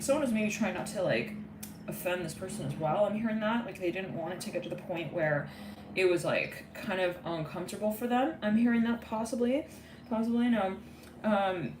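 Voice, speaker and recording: A woman giving a live tarot reading in a chatty, intuitive way, full of fillers and small laughs. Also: medium pitch. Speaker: tarot reader. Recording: echoey room, distant mic, loud noise.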